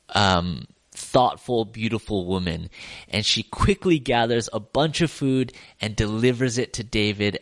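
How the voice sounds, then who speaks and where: A man's voice: on the low side, a bit bright, dry recording. A man giving a casual sermon, retelling a Bible story in a conversational way with wry asides. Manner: conversational, many fillers and restarts, wry asides.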